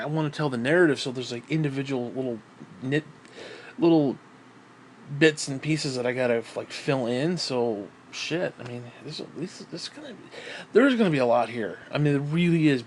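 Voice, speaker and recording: A man's voice: on the high side, a little hiss or hum. Rambling, foul-mouthed man musing aloud. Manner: profane, meandering, frequent fillers. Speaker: writer talking about his books. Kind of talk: casual rambling monologue.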